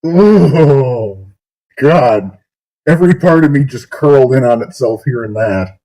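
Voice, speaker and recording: A man's voice: medium pitch, animated, slow pace, mellow, rough recording. A man hosting a stream, giving sarcastic commentary on videos, often breaking into incredulous laughter. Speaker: streamer host.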